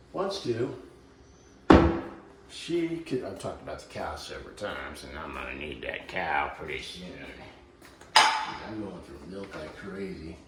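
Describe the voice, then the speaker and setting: A man's voice: sits low, echoey room, far from the mic, heavy background noise. Folksy older man rambling in his kitchen. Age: 60s. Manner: folksy, rambling, self-joking. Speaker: vlogger. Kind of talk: casual kitchen vlog. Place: home kitchen.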